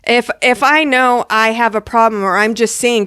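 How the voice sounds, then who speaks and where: A woman's voice: fairly high pitch, slow pace, clean tone, dry recording, clean studio sound. Chatty woman teaching spiritual lessons. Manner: animated, chatty, playful asides.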